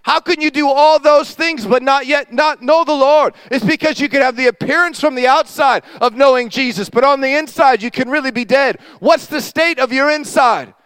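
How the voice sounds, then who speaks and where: A man preaching a sermon as pastor, telling a story with acted-out dialogue and dropping to a quiet voice for emphasis. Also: extremely high pitch, normal speed, few pauses, no room sound. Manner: animated storytelling, acting out dialogue.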